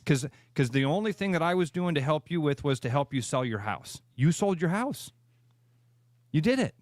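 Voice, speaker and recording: A man co-hosting a talk radio show, his voice sitting fairly high for a man. He talks in an animated, emphatic way and hammers points home by repeating them. The studio sound is dry and close. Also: normal speed, no echo. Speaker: radio co-host, realtor. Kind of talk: casual sports radio chat.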